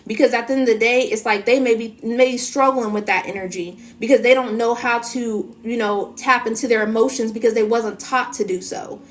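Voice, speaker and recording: A woman's voice: on the high side, fairly even intonation, a little fast, few pauses, slight background noise. A woman talking to her viewers as a spiritual energy reader in a casual, emphatic monologue full of "you know" and "so it's like". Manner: emphatic, repetitive fillers.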